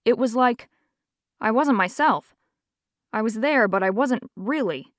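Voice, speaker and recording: A confused, disturbed young man, as a woman narrator reads him in an audiobook. He sounds bewildered and quick to accuse. The voice is close and dry, with no room sound. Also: on the high side, lively intonation, no echo. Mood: shaken. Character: young man, shaken and confused after possession.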